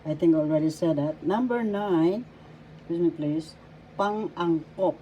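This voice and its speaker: A woman teaching a language lesson, repeating each word slowly and spelling out syllables. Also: low-pitched, warm tone, slight background noise, low-quality recording. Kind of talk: slow spoken language lesson.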